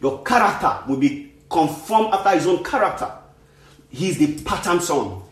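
Male preacher, earnest and repetitive, slightly high voice, echoey room. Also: very animated, moderate pace, a bit bright. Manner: earnest, repetitive, restarts phrases for emphasis. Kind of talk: sermon.

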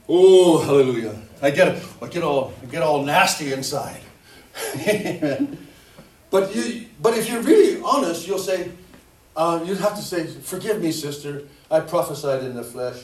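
A man's voice: high-pitched, a little mellow. A middle-aged man preaching a sermon in a church hall, talking in a loose conversational way and poking fun at himself, with plenty of amens and hallelujahs. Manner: conversational, self-mocking, frequent amens and hallelujahs. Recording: roomy echo, distant mic.

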